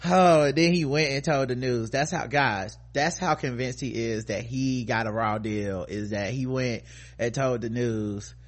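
A man's voice: medium pitch, a little slow. A man co-hosting a podcast, reading news stories aloud and mocking them in casual comedic commentary, laughing often. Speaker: podcast co-host.

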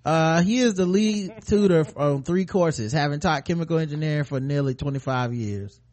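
A man's voice: on the high side, normal speed, darkish tone. Man reading news with crude jokes. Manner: reads news aloud, then cuts in with crude jokes. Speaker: podcast co-host. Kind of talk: comic news read with banter.

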